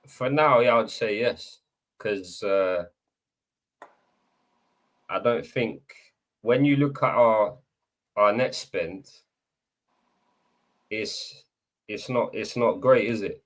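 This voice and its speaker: A man on a live football chat show giving his view in a measured, conversational way. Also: lowish voice, a bit bright. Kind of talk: casual live podcast chat.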